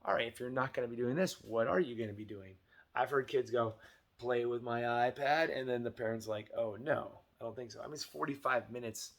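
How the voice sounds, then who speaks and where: A man's voice: medium pitch, fairly quick, gravelly. A middle-aged man, a martial arts instructor, giving casual advice to parents and acting out quoted dialogue as he goes. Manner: chatty, acts out quoted dialogue.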